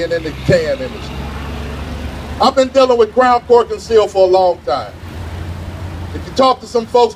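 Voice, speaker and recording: A man's voice: high voice, a little hiss or hum, rough recording. A man who is a union vice president speaks outdoors at a rally, folksy and confident and fond of anecdotes. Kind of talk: rally speech.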